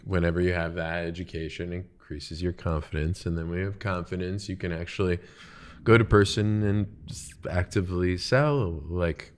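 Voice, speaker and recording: A podcast host with a low voice and fairly even intonation chats casually at a moderate pace about his work and coworkers. He trails off and restarts his thoughts along the way, with slight background noise.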